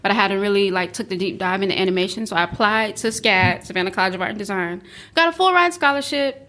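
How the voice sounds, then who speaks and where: A young woman guest telling her story in a casual, animated podcast chat. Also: mid-range voice, fast talker.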